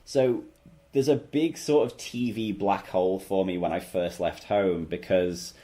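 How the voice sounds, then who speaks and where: Low-voiced chatty English man. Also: a little slow, mellow. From England. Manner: chatty, laughs often, trailing restarts. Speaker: podcast host. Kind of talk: casual chat.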